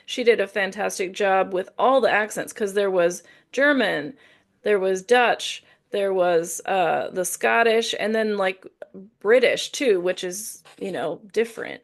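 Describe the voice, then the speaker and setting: A chatty woman co-hosting a book podcast in a rambling, easygoing way. Her voice carries a noticeable gravelly fry at a middle pitch. She circles back and corrects herself as she talks. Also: a little slow. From Indiana, USA. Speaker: podcast co-host. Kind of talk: casual book-review chat.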